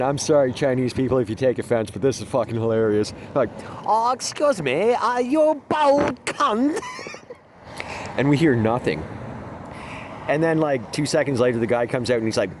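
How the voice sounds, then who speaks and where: A man's voice: mid-range voice, brisk, noisy background. A man hosting a gaming video, telling rambling, profane stories in a casual way and laughing at his own jokes. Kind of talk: casual storytelling over gameplay.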